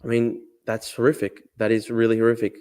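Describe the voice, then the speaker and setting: A man's voice: lowish voice, monotone, fairly quick, darkish tone, smooth. A young Australian man hosting a casual live stream, chatting and answering his chat, often repeating himself. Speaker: streamer host.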